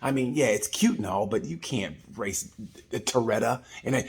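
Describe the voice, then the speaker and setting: A man's voice: mid-range voice, moderate pace. A man hosts his own video review, talking casually and rambling a little as he goes. He is chatty and jokey, tossing in nicknames and side stories. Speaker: vlog host reviewing a race.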